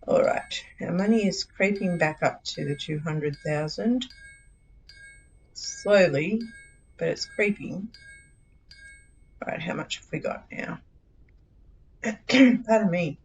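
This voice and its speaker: A woman's voice: lowish voice, takes it slowly, long pauses, a little hiss or hum, poor audio. A middle-aged Australian woman streaming a game live, chatting casually in a scattered, giggly, self-mocking way.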